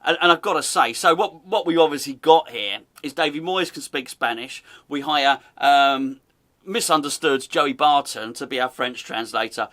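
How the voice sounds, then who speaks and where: A man's voice: on the high side, moderate pace, pushed and bright. A man hosting a casual comedic football podcast, teasing and laughing as he talks. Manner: amused, teasing, laughs often, chatty. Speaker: podcast host.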